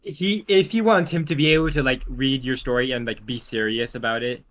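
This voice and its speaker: A man in a casual panel chat, joining in with quick teasing banter. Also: mid-range voice, a bit bright. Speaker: panel member.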